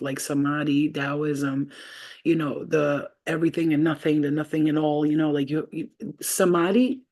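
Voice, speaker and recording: A woman's voice: low-pitched, a little mellow. A woman giving a casual livestream spiritual reading, rambling loosely and filling her talk with fillers. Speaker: spiritual reader.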